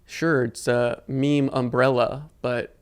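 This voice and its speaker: A man's voice: medium pitch, little pitch movement, slow pace, smooth. A man hosting a casual interview, talking in an enthusiastic, rambling way. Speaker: podcast host.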